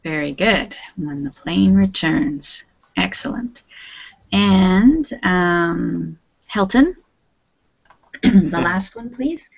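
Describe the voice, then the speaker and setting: A woman teaching an English vocabulary class, speaking patiently and enunciating every word clearly. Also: fairly low pitch, animated, very slow, long pauses, dull audio.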